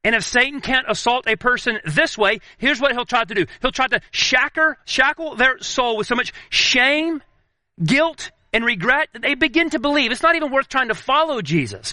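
A man preaching a sermon as pastor, earnest, slowing down and dropping his voice low for emphasis. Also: animated, sharp tone, dry recording.

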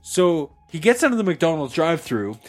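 A man's voice: on the high side, moderate pace, soft background music. A man telling a story in casual chat with friends, swearing and acting out the voices of the people in it. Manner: animated, swears a lot, acts out voices. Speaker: podcast host telling a story.

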